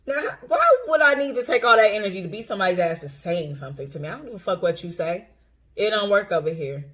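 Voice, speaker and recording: The voice is medium-pitched, expressive, fast, and a bit bright, belonging to an intuitive coach and tarot reader giving an unscripted, casual monologue to camera. Profane and direct, they repeat lines for emphasis and laugh a lot.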